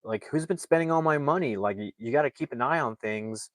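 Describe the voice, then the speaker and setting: A man's voice: mid-range voice, lively intonation, a little fast, no room sound, studio quality, voice pushed up, close to an everyday voice. A man quoting an elderly grandmother scolding someone on the phone, in an exasperated tone. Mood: indignant.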